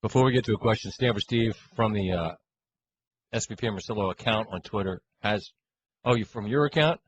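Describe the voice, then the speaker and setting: A man's voice: on the low side, fairly quick, highs cut off, a little hiss or hum. A middle-aged man co-hosting a sports radio show, joking and teasing in casual banter. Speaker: co-host.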